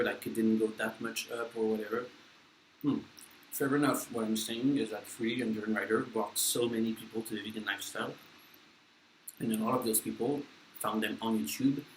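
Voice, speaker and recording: Young man with a French accent, low voice. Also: slight background noise. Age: young adult. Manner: rambling, blunt and profane, with many fillers. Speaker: vlogger. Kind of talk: casual mukbang chat while eating. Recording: echoey room with faint ambience.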